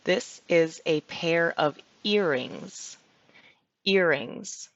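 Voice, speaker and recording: A woman teaches vocabulary at an unhurried pace, repeating each word with patient care. Her fairly low voice has a gravelly edge. The recording is dry and slightly muffled. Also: animated, a bit bright, no echo. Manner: patient, repeats words slowly. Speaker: ESL teacher. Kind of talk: slow, clear vocabulary lesson. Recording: dull lo-fi sound.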